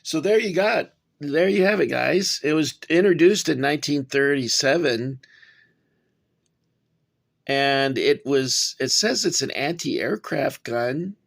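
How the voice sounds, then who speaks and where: Gravelly man rambling through a toy review. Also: on the high side, animated, takes it slowly, a bit bright. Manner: rambling, talks to viewers as guys, frequent fillers. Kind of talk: casual hobby review. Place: cramped home workspace.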